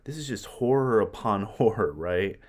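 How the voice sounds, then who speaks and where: A man teaching a play in a casual lecture, animated, often restarting and ending points with "right?". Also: fairly low pitch, moderate pace. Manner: animated, restarts and repeats words, "right?" tags. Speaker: literature teacher.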